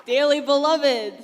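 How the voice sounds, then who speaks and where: A woman's voice: high voice, voice pushed up. A woman voicing a fussy, sentimental mock wedding officiant in a hammy, sing-song manner with Yiddish words, on a live hall stage. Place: convention ballroom stage. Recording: live hall with reverb, crowd noise.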